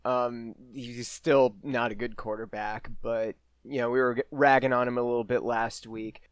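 A man's voice: medium pitch, little pitch movement, moderate pace, clean tone, dry recording, studio quality. A man co-hosting a sports podcast, talking in an easygoing, rambling way and laughing often. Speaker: podcast co-host. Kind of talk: casual chat.

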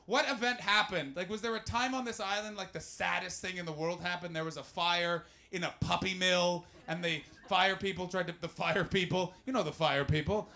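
A stand-up comedian working the room live, a man with a high voice. His tone is bright and cutting, and he jumps from loud bursts to low asides. He swears constantly as he teases the crowd. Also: moderate pace, creaky, few pauses. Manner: animated, swearing, jumps between shouting and muttering. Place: live comedy venue with audience.

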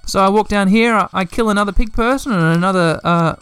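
A gaming podcast host giving playful, animated let's play commentary, full of sound effects. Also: mid-range voice, fairly quick, clean tone, no room sound, soft background music.

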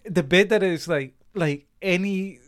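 A man's voice: high voice, unhurried, crowd noise. A man co-hosting a podcast, chatting casually about a film, rambling with lots of fillers and laughter. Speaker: podcast co-host.

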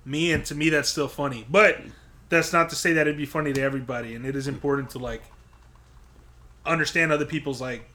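A man with a relaxed Southern California surfer drawl chats loosely, trailing off and circling back as he goes. His voice sits a little high for a man and has a bright, forceful edge. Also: fast talker. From Los Angeles South Bay. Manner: laid-back, rambling, swears freely. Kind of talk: casual chat.

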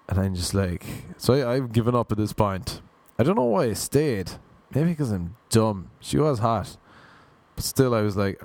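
A young man telling a comic story about a bad date in an exasperated, animated way. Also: mid-range voice, normal speed, no room sound. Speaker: comedian.

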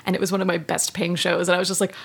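A woman musician telling lively, playful tour stories in a casual interview. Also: on the low side, racing, gravelly, husky. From Canada. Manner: animated, playful, chatty. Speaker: musician guest.

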